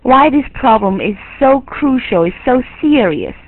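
A woman's voice: a little high, big pitch swings, unhurried, slightly rough. A woman with a Chinese accent teaching English pronunciation, lecturing in English and Mandarin and putting questions to her students. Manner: repeats and restarts phrases, asks the class questions. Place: online lecture. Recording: tinny phone-like line, dry.

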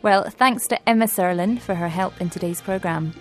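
A woman presenting a language-learning programme, explaining points clearly and in a friendly way from a script. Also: mid-range voice, moderate pace, soft background music.

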